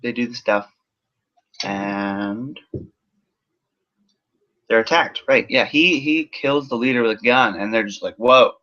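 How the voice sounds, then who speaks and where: A man's voice: mid-range voice, a little slow, long pauses, pushed and bright. A man giving a casual, rambling film review full of sarcasm and swearing. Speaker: movie reviewer. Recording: dull lo-fi recording.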